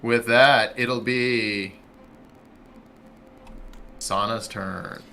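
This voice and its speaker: A man's voice: mid-range voice, fairly even intonation, extremely slow, creaky, pushed and bright, faint music behind. A man narrating as dungeon master for a tabletop game, loose with fillers.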